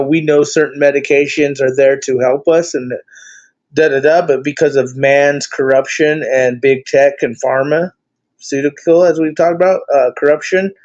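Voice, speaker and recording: A man's voice: medium pitch, darkish tone. Rambling man on a dull lo-fi line. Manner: rambling, many fillers, blunt swearing. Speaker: host. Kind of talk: casual chat. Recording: dull lo-fi sound.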